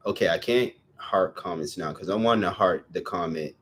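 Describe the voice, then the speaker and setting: A man's voice: low-pitched, normal speed, a bit bright, slight background noise. A young man giving a casual tarot reading, chatty and rambling, who sometimes stumbles over his words. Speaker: tarot reader.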